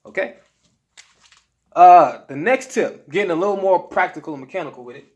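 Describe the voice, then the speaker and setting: A man's voice: high voice, expressive, brisk, a little mellow. A man giving diet advice to camera in a casual motivational talk, emphatic and slangy, often asking "okay?". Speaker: health vlogger.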